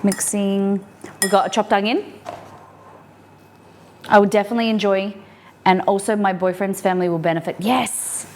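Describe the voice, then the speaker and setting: An Australian woman hosting a casual live cooking stream, chatting as she cooks and reading viewer comments aloud. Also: a little high. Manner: chatty, reads viewer comments aloud, talks to her dog. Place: home kitchen.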